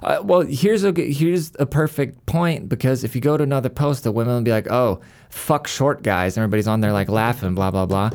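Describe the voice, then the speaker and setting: Gravelly-voiced man ranting on a podcast. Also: mid-range voice, fast talker, few pauses, a little mellow. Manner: worked-up, profane, stumbling restarts. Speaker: podcast host.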